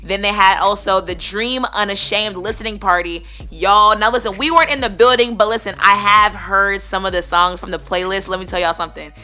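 A woman co-hosting a radio show, chatting in an energetic, casual way and often saying "listen" while giving shout-outs. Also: medium pitch, fairly quick, hardly any pauses, faint music behind. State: voice still recovering.

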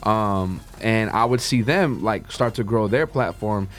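A man's voice: on the low side, a little slow. A young man, a guest DJ and talent scout, chatting loosely in an interview and leaning on "like" and "man" as he talks. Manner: loose, rambling, heavy on "like" and "man". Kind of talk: casual interview chat.

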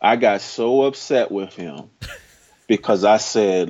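This is a man with a very low voice, talking casually as an interview guest and leaning hard into his storytelling. He sounds like he is in his forties. The recording is dull and a bit lo-fi. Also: slow. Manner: emphatic, animated storyteller.

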